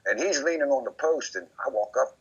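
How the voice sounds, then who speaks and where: A man being interviewed, rambling and repeating himself as he recounts memories, often quoting others in lively put-on voices. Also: mid-range voice, brisk, slightly rough. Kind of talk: casual recorded conversation. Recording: dull lo-fi recording.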